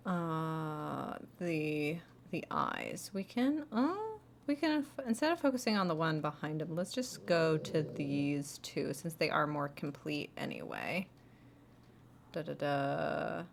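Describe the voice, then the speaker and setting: Woman, casual chat while editing, slow unhurried speech, self-deprecating, soft murmurs. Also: sits low, expressive, gravelly, a little hiss or hum. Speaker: video editor streaming her work.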